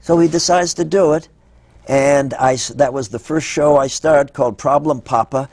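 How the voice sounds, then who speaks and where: A man's voice: on the high side, normal speed, no room sound. An older man, a former child radio actor, telling anecdotes in an interview and acting out voices as he goes. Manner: animated, acts out voices in anecdotes. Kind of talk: interview storytelling.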